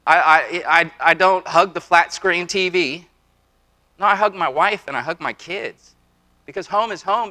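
Guy in his 40s preaching in church, highish bright voice, repeats himself a lot, chatty asides. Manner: earnest preaching with repetitions and asides. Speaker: pastor. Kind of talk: sermon. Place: church before a congregation.

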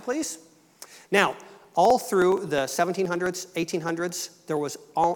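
A middle-aged man gives a missionary talk at a church, in an easy, storytelling voice with bits of humor. His voice sits a little high for a man. A long reverb hangs in the sanctuary around him. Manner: conversational, storytelling, light humor. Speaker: missionary speaker.

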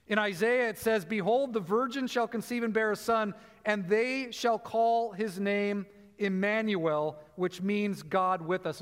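A man preaching a sermon, explaining scripture and slowing down to stress key phrases. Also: high-pitched, clear, resonant tone. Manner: teaching, emphatic with slow stressed phrases. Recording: long hall reverb.

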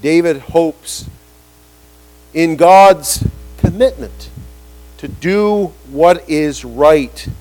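A man delivering a sermon, his voice sitting high for a man. He preaches with animation, putting on the voices he quotes and pushing key lines upward for emphasis. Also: very slow, long pauses, darkish tone, rough recording.

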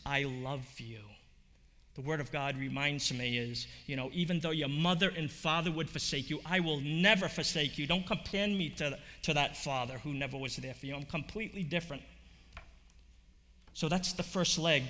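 A man's voice: on the high side, pushed and bright. A man preaching a sermon, telling a story in a conversational way with many fillers, then building to emphatic points. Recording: long hall reverb.

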